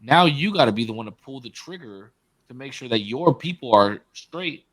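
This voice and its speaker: A man's voice: medium pitch, lively intonation, moderate pace, no room sound, rough recording. A man co-hosting a podcast, retelling a story emphatically and swearing often in casual chat. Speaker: podcast co-host.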